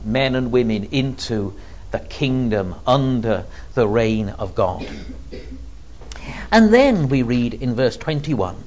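A man preaching an expository sermon who builds to emphatic, rising declarations and often pauses on "um". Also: mid-range voice, a little mellow. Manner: builds to emphatic, rising declarations, with frequent ums and vivid illustrations. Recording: slightly dull lo-fi recording.

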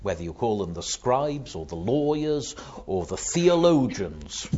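A man delivers a sermon at an unhurried pace, his pitch rising and falling with real animation. His voice has a husky edge, and he explains things patiently, throwing in rhetorical questions along the way. The recording sounds dull and lo-fi. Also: a little mellow. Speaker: preacher.

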